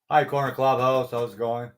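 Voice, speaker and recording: A man's voice: mid-range voice, level tone, normal speed. A middle-aged man hosting a casual live stream, greeting viewers by name, chuckling often and swearing mildly. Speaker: livestream host.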